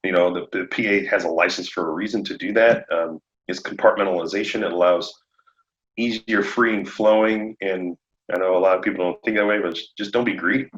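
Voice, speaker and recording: A man talking shop as a podcast guest, animated and laughing often as he acts out conversations. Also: sits low, a little fast. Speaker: podcast guest, roofing contractor. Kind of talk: casual podcast chat. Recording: echoey room, dull lo-fi sound.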